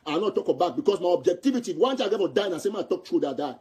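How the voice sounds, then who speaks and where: A man from Southern Cameroon talks in Cameroonian Pidgin English. His voice is high and husky with a dark, mellow tone, and he rushes through his points in a heated, repetitive manner. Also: expressive. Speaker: political commentator. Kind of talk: impassioned audio commentary.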